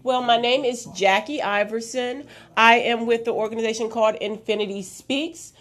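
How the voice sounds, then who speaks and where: A woman's voice: fairly high pitch, fairly even intonation, normal speed. A woman appearing as a guest on a talk show, answering casually and giving short affirmations. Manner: warm brief affirmations, emotional gratitude.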